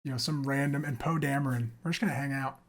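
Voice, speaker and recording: A man's voice: medium pitch, steady tone, fast. A young man co-hosting a gaming podcast in casual, rambling chat, leaning on lots of fillers. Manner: rambling, filler-heavy, enthusiastic. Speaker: podcast co-host.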